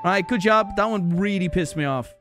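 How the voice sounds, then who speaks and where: A man's voice: sits high, fairly quick. An Irish man reacting to viewer opinions on a gaming channel, exasperated, swearing and ranting, with faint music behind him. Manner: exasperated, profane and animated. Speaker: gaming YouTuber.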